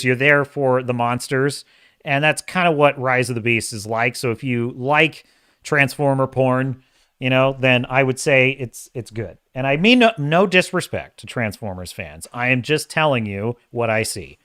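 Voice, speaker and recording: Male show host, rambling opinionated review, self-correcting, bright sharp tone, dry close sound. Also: mid-range voice, smooth, no echo. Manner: rambling, correcting himself often; opinionated and animated. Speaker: podcast host. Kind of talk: casual live-stream movie review.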